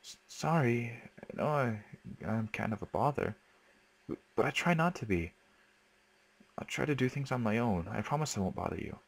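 A man's voice: mid-range voice, animated, normal speed, gravelly, pitched above the performer's own voice. A man voicing a timid, apologetic teenage schoolgirl who speaks meekly and stammers. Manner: meek, stammering.

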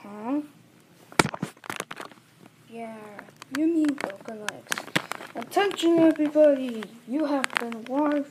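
A woman playing around in a silly homemade skit, goofy and giggly, in a loud noisy homemade recording. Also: a little high, drawn-out words, pauses often.

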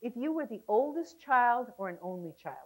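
Bright-voiced female seminar instructor, lively and laughing, coaxing her class to share. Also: a little high, normal speed, poor audio. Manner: animated, laughing, coaxing the audience. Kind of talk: seminar talk to a live class. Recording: 1990s VHS seminar tape.

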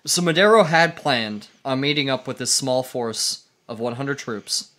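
A man co-hosts a laid-back podcast and tells history in a loose, rambling way. He talks at an ordinary middle pitch, with plenty of fillers and restarts. He laughs easily as the story goes on. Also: expressive, measured pace, fairly bright tone. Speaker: podcast co-host leading the history topic. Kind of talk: casual podcast chat. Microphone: studio microphone.

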